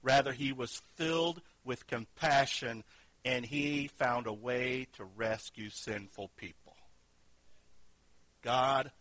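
A man preaching a sermon, earnest, moving between loud emphatic lines and quiet hushed ones. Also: mid-range voice, slow pace, dry recording, rough recording. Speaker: pastor.

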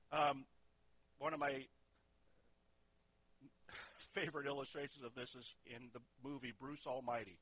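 A middle-aged male pastor delivers a sermon in a bright, sharp-edged voice that sits a little high for a man. His delivery is conversational, and he often turns to the congregation with questions. The sound is dry and close, with no room echo.

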